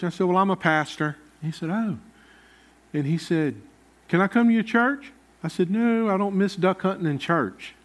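A man preaching a sermon as pastor, in a folksy, conversational way. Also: high-pitched.

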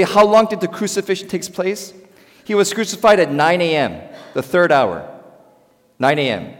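A man preaching a sermon as a pastor, animated, swinging between loud emphasis and quiet, softer passages. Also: on the high side. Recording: long hall reverb.

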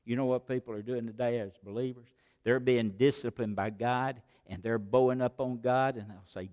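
A man preaching a sermon as pastor, swinging between loud exhortation and hushed asides with many rhetorical questions. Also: medium pitch, fairly even intonation, normal speed. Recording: long hall reverb of a large sanctuary.

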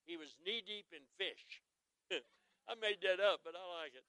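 A man preaching a humorous sermon, telling folksy stories and asking the crowd to answer him, swinging from quiet asides to loud exclamations. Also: high voice, normal speed, smooth, no echo, poor audio. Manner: folksy, joking, asks the crowd for responses. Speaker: traveling evangelist.

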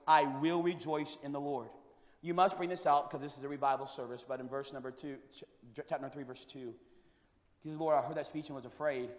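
A man preaching a revival sermon, dropping to a hush and then rising to shouts. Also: on the high side. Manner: swings from hushed to shouting. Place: church sanctuary. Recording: echoey hall with long reverb.

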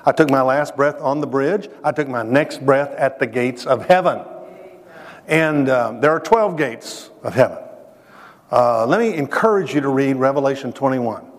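At a normal pace and mid-range pitch, he gives an emphatic, heartfelt testimony much like a sermon, speaking directly to those listening. The sound has the long echo of a large hall.

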